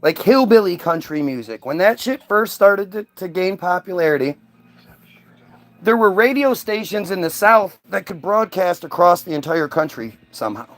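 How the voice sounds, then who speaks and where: High-voiced man rambling on a podcast. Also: animated, moderate pace. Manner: rambling, profane, emphatic. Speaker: podcast host. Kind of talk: casual chat.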